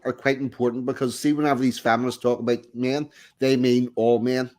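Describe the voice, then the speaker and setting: A man's voice: medium pitch, flat delivery, moderate pace. A man guesting on a podcast, reading a text aloud and breaking off for dry, sarcastic asides.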